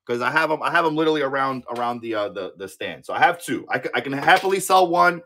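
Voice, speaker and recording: A man in his thirties hosting a live-auction stream in casual chat, excitable, swearing freely and often repeating his words. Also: mid-range voice, fast talker, a little hiss or hum. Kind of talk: casual livestream sales chat.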